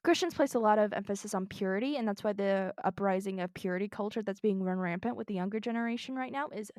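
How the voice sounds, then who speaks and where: A woman's voice: mid-range voice, quick pace, a little mellow, no room sound, clean studio sound. A woman co-hosting a podcast, earnestly telling a true crime story in casual chat from her notes.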